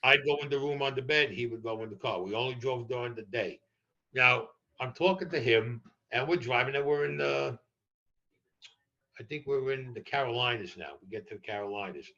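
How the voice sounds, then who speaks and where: An older man from New York tells stories as a guest in a podcast interview, blunt, profane, and animated. His mid-range voice is bright and forceful and he speaks briskly, though the recording sounds a little dull and muffled.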